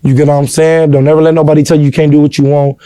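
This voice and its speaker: Earnest man telling his story, mellow voice. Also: fairly high pitch, flat delivery, rapid-fire, clear, resonant tone, no echo. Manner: peppers speech with "you know what I'm saying"; earnest, heartfelt. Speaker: interview guest. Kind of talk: casual personal storytelling.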